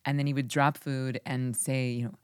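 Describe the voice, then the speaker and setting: A woman's voice: rumbling low, flat delivery, normal speed, clear, resonant tone, no room sound, studio quality. A woman hosting a podcast, chatting casually with her guest in an enthusiastic, affirming way. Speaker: podcast host. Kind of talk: casual interview chat.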